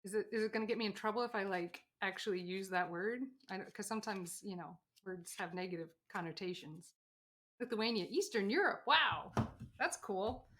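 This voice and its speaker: A woman's voice: mid-range voice, moderate pace, fairly bright tone. Chatty American woman crafting on a livestream. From United States. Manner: chatty, rambling, reads chat aloud. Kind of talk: casual livestream chat.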